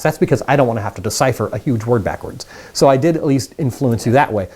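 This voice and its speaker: Fast-talking man teaching magic tricks. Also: mid-range voice, animated, darkish tone. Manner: upbeat, chatty, talks straight to the viewers. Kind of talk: casual magic tutorial.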